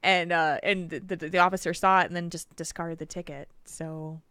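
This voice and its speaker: A woman's voice: lowish voice, normal speed, clean tone, no room sound. A young adult woman from the United States, co-hosting a casual podcast and telling stories animatedly with frequent laughter. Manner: animated storyteller, laughs often. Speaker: podcast co-host.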